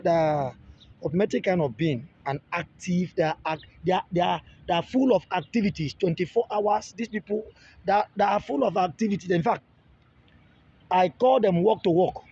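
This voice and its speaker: His voice sits high, husky and darkish, at a normal speed. The man, a relationship video creator, delivers a casual teaching monologue full of repeated and restarted phrases and pleas to viewers, captured in dull lo-fi audio.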